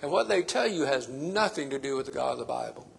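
A man's voice: medium pitch, expressive, fast, creaky, a little hiss or hum. A man preaching a sermon, stressing his points by repeating phrases.

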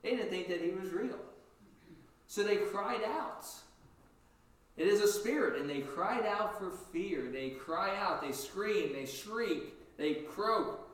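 A man preaching a sermon in a lively, animated way, jumping up in pitch as he acts out what people said. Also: takes it slowly. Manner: animated, acts out quotes with sudden high pitch jumps. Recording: echoey room, distant from mic.

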